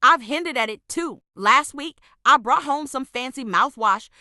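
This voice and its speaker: A woman's voice: sits high, expressive, measured pace, sharp tone, dry recording, clean studio sound. A woman reading out a scripted storytime in an exasperated, sarcastic way. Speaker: storytime narrator.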